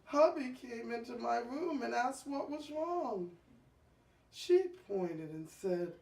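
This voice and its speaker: A woman telling a comic story in the first person, stammering and breaking into loud, indignant outbursts. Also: a little high, expressive, slow, creaky. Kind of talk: comic monologue. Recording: echoey room from far off.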